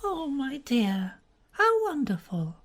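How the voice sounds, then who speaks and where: A woman's voice: high voice, wildly swooping pitch, slow, a bit bright, voice pushed up, heavily acted. A woman voicing a bored, drawling young upper-class woman in an audiobook. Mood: languid. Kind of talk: audiobook character reading.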